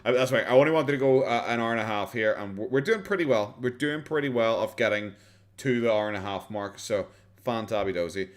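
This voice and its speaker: A man's voice: medium pitch, a little fast. An Irish man chatting casually on a live stream while reacting to videos. He rambles, swears and laughs often, and keeps his voice down. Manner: kept quiet, not loud.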